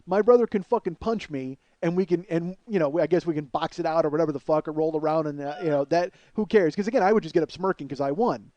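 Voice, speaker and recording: A man hosting a comedy podcast, riffing through a profane, animated monologue. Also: fairly high pitch, fast talker, few pauses, muffled recording.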